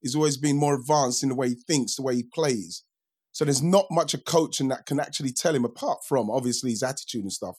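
A man talking through old memories in a relaxed podcast chat. He is reflective and repeats himself as he builds each story, and his voice sits at an ordinary pitch. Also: quick pace, slightly rough. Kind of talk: casual chat.

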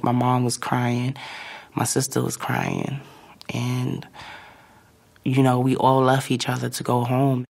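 Woman w a gravelly edge, quiet halting testimony, music playing under her. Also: extremely low pitch. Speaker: interviewee. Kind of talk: personal testimony interview.

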